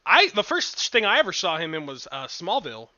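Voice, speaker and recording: A man's voice: high-pitched, huge pitch swings, brisk, muffled recording, crowd noise. A young man co-hosting a podcast, chatting casually, laughing often and reading out viewer comments. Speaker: podcast co-host. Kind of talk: casual chat.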